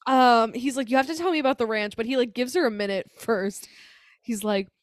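Wisecracking, higher-voiced woman co-host. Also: a little fast, no echo, studio quality. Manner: joking, profane, acts out quoted lines. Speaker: podcast co-host. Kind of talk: casual movie recap chat.

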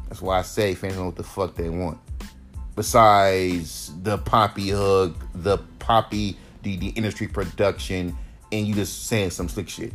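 A man's voice: fairly low pitch, normal speed, soft background music. A man who raps hosts his own podcast, ranting in a heated, profane, emphatic way. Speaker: rapper and podcast host. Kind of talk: solo podcast rant.

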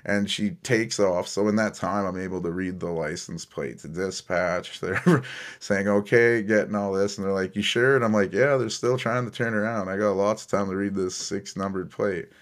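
Man, very low voice, podcast host, rambling casual stories, self-deprecating, swears. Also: moderate pace. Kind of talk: casual storytelling.

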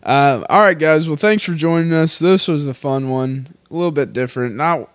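A man's voice: a little high, normal speed, smooth, no echo, studio quality. Loose, swearing male podcast co-host. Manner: loose, swearing, laughing often. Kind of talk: casual chat.

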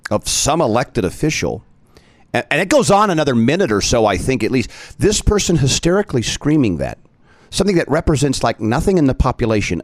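A podcast host with a medium-pitched voice delivers opinion commentary, speaking directly to his listeners with emphatic indignation. The recording is dry.

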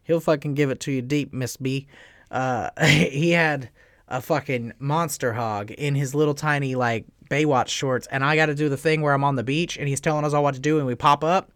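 A man's voice: medium pitch, moderate pace, no echo, clean studio sound. A man in his thirties hosting a podcast, telling crude stories with lots of laughter and swearing. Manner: animated, laughing, profane storytelling. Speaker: podcast host. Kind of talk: crude casual chat. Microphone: studio mic close up.

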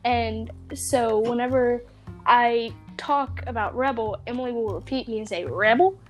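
Young southern woman rambling on a podcast, kinda high voice, music faint behind. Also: steady tone, normal speed. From American South. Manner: chatty, rambling with many fillers. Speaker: podcast co-host. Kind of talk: casual chat.

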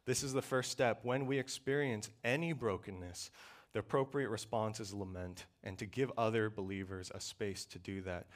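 A man preaching a sermon in a church, earnest and measured, slowing down and pausing to press his points. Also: mid-range voice. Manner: earnest, measured preaching with slow emphatic pauses.

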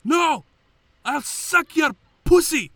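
A man putting on the voice of a belligerent male cab driver who shouts and hectors. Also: extremely high pitch, fairly even intonation, brisk, no echo, voice pushed up. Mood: furious.

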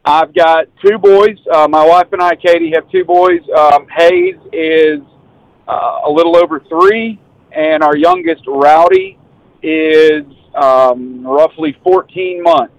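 A man's voice: fairly high pitch, takes it slowly, no echo, low-quality recording. Easygoing man on speakerphone from a car. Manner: easygoing, hesitant with fillers. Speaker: guest, father of two. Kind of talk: casual phone interview.

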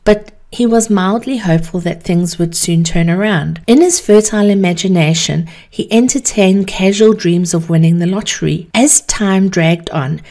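A woman hosting a podcast, telling an encouraging story in a measured, unhurried way. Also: fairly low pitch, mellow. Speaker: podcast host. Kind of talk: motivational storytelling.

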